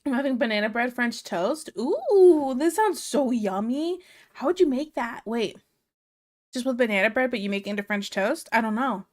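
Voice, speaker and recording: A woman streamer chatting casually while she draws, frank, teasing and quick to giggle. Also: a little high, lively intonation. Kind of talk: casual chat while drawing.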